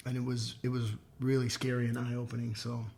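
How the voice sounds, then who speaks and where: Animated man telling his story. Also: brisk, creaky, slight background noise. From southern California. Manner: animated, acts out remembered thoughts with sudden jumps in pitch and loudness. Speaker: guest. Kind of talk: casual interview storytelling.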